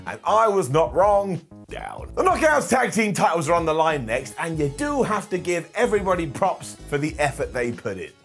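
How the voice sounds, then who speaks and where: A man giving a comedic, sarcastic retro review of a wrestling show, animated and laughing at his own jokes. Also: fairly high pitch, normal speed, vocal fry, soft background music.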